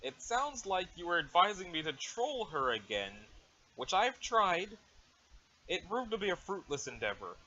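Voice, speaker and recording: A man's voice: high voice, big pitch swings, moderate pace, sharp tone, full character voice. A man voicing an aloof, formal alien troll girl with stiff, overly proper wording, on a dull lo-fi mic.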